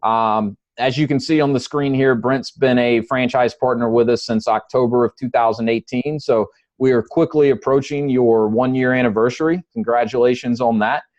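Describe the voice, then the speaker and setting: A man with a Southern accent runs a business webinar, filling his talk with ums and uhs. His voice comes through a call line that sounds dull and dry, with no room around it. He speaks at an even, middle pitch. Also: normal speed, no echo. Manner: friendly, loose, many ums and uhs. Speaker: webinar host.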